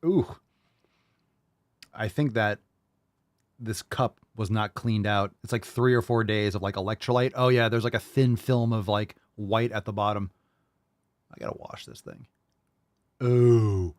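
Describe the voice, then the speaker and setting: A man's voice: fairly low pitch, fairly even intonation, a little slow, dry recording, studio quality. A man hosting a live podcast who rants bluntly and profanely and mocks his listeners' excuses in put-on voices. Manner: mocking impressions of listeners. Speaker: podcast host.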